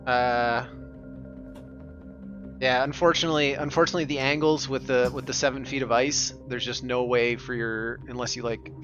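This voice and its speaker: A man's voice: mid-range voice, fairly even intonation, normal speed, dull audio, music in the background. A man running a tabletop game as game master, casual and chatty, with frequent fillers. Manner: casual, laughs often, many fillers.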